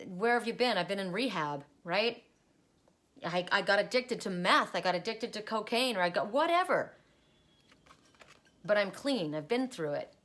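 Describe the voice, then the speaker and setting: A woman's voice: medium pitch, expressive, normal speed, long pauses, a bit bright. A middle-aged woman giving a solo oracle card reading, musing aloud and repeating card messages in rambling asides.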